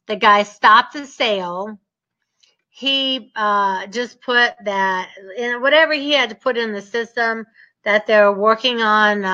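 A woman teaching a real estate seminar, telling stories in an emphatic, energetic way with lots of repetition. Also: on the high side, dull audio.

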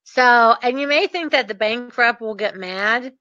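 A woman tells a story casually and keeps breaking into laughter, with a mischievous, animated delivery. Her voice sits high and bright. The recording is dry and a little dull. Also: measured pace, dry recording. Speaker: real estate dealmaker.

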